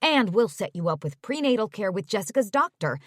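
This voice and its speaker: A woman's voice: medium pitch, very animated, brisk, no room sound, clean studio sound. A woman voicing an older mother who gushes and chatters on, talking over everyone, read in an audiobook. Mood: chattering. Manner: effusive, talks over others.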